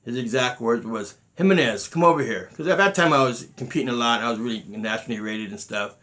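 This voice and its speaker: A middle-aged martial arts grandmaster delivers an emphatic storytelling monologue, repeating words and acting out quotes. His medium-pitched voice is bright and forceful, and he talks quickly.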